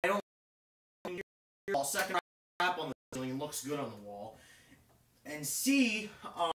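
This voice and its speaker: Rambling male hobbyist on a live stream, fillers and asides, slightly raised pitch, echoey room sound. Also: very animated, a little slow, crowd noise. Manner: rambling, filler-heavy, thinking aloud. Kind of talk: casual live stream chat. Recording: roomy echo.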